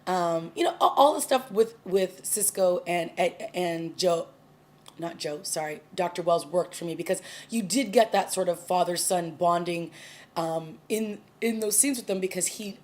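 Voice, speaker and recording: A woman's voice: fairly low pitch, normal speed. Chatty woman recapping a TV episode. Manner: chatty, animated recap with many fillers and restarts. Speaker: TV review vlogger. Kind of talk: casual episode recap and review.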